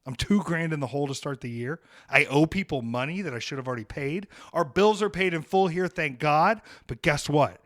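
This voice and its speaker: A man's voice: a little high, animated, brisk, hardly any pauses, fairly bright tone. A young adult man hosting a podcast, ranting in a heated, profane and emphatic way. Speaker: podcast host.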